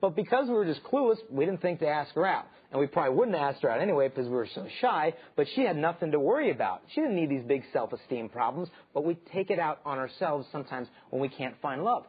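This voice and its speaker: A man in his thirties, hosting an inspirational talk show, telling lively stories and acting out the voices in them. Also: on the high side, fast talker, hardly any pauses, slightly rough. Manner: animated storyteller acting out quoted voices. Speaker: host and speaker. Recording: dull lo-fi sound.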